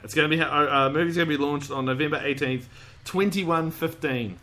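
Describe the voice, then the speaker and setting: A man's voice: fairly high pitch, fairly quick, sharp tone. A man hosting a podcast, chatting casually and rambling, with loose swearing and frequent laughter. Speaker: podcast host. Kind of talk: casual chat.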